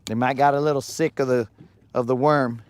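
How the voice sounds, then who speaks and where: A man's voice: medium pitch, fairly even intonation, a little fast, clean tone. A man hosting a live fishing vlog outdoors on a lake, with playful, hyped banter full of Spanish slang. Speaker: angler, channel host.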